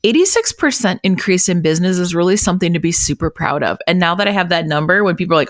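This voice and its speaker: A woman's voice: fairly low pitch, expressive, fast talker, hardly any pauses, dry recording, studio quality. A woman co-hosting a podcast in casual chat, emotional and tearful, swearing freely, recorded over a remote call. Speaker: podcast co-host and realtor.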